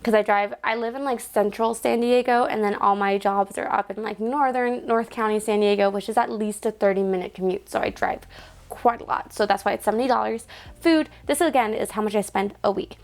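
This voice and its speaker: A woman's voice: mid-range voice, brisk. A young woman vlogging casually to her phone camera indoors, chatting with lots of "like" fillers and counting cash aloud.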